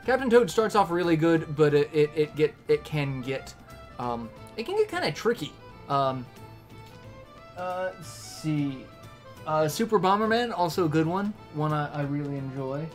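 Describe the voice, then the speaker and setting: A man's voice: on the high side, very animated, moderate pace, faint music behind. A young man casually chatting on a game livestream, rambling between topics and reading game lines aloud.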